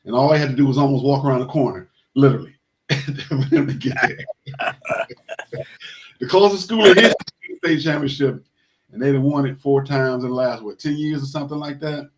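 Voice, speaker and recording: A man's voice: medium pitch, a little fast, noisy background. Rambling male sports talk host. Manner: rambling, many fillers and restarts, shout-outs. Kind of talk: casual sports talk show.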